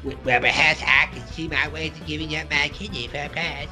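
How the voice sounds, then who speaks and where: A man's voice: a little high, fairly even intonation, fairly quick, over music, voice pushed up, lightly acted. A man voicing a bratty, greedy cartoon boy who taunts and schemes. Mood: smug.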